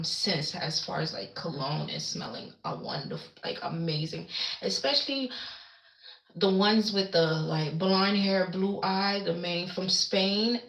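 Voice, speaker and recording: Slow-talking chatty woman streaming from home. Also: fairly low pitch, a bit bright, reverberant, poor audio. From the Caribbean islands. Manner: rambling, chatty, reacts to viewer comments. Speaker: livestream host. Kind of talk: casual livestream chat. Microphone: webcam.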